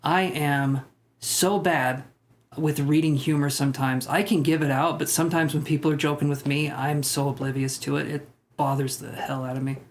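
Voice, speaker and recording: A man's voice: fairly high pitch, fairly even intonation, normal speed. Joking, rambling man chatting on a livestream. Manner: rambling, self-deprecating, joking with chat. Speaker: tarot livestream host. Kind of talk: casual live-stream chat reading comments.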